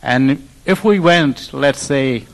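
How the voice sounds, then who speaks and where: A man's voice: medium pitch, slow pace, creaky, low-quality recording. A man from India, giving a personal testimony in church and acting out the people he quotes. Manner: animated storyteller who acts out quoted speech.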